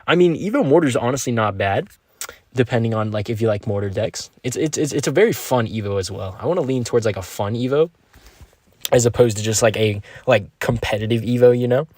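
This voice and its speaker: Fairly quick and a little mellow, this young man's mid-range voice carries live-stream commentary on a mobile game. He's relaxed, upbeat and full of slang, reading chat messages aloud, with no room sound in the recording.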